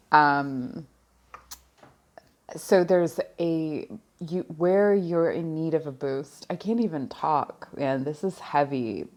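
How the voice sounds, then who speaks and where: A woman with a low voice gives a tarot reading into a close mic, wearing headphones. She talks slowly and softly. She pauses often as she searches for the next word. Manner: slow, soft-spoken, searching pauses. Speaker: tarot reader. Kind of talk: pick-a-card tarot reading.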